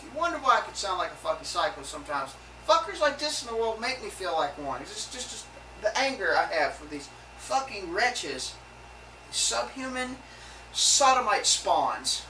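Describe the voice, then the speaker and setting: A woman's voice: lowish voice, bright, forceful tone, slight background noise, low-quality recording. A woman delivering a heated, profane rant to her viewers, stumbling and restarting her sentences as she goes. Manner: heated, swearing, halting with many restarts. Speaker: video blogger. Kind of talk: angry profane rant to camera.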